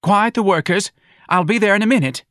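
A man voicing a fussy, nervous male office manager who speaks in a plaintive, drawn-out way. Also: animated, no echo, clean studio sound, lightly acted. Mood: alarmed. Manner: plaintive, fretful, high and drawn-out.

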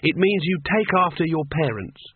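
A man voicing a fierce, blunt young barbarian woman who talks in a curt, irritable, matter-of-fact way, with a husky voice. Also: on the high side, animated, moderate pace, pitched above the performer's own voice. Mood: impatient. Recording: tinny phone-like sound.

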